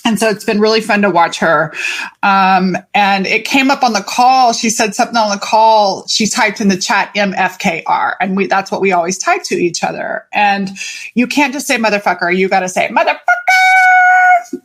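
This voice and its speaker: A woman's voice: medium pitch, moderate pace. Chatty woman podcast host. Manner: energetic, chatty, swears freely. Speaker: podcast host and life coach. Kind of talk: casual podcast monologue.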